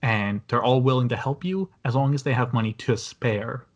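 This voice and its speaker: This man hosts a casual movie review chat with a voice of middling pitch. He rambles along, restarting sentences and filling gaps with ums and likes. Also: normal speed, lo-fi sound. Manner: rambling, many fillers and restarts. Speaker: podcast host.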